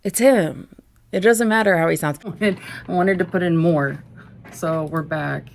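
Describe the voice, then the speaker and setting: A woman's voice: lowish voice, moderate pace, gravelly. A woman talking in a casual music-commentary vlog, blunt and profane, rambling with asides and self-corrections. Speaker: music vlogger.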